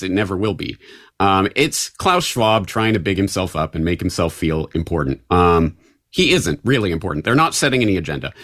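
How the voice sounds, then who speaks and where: A man's voice: on the low side, a bit bright. A man speaking as a guest on a panel podcast, blunt and dismissive, swearing freely. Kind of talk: casual panel talk.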